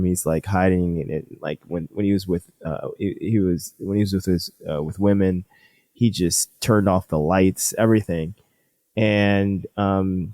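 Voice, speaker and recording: A man's voice: low-pitched, dark tone, dry recording, studio quality. A middle-aged man, a urologist guest, telling stories in casual interview chat with frequent restarts. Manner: enthusiastic storyteller, laughs often, halting restarts.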